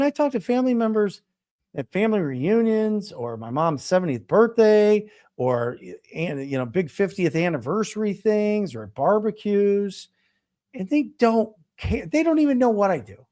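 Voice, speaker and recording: A middle-aged man talks in a casual motivational way, animated and emphatic, hammering his points home by repeating them. His voice sits a little higher than most men's. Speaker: real estate coach and show host.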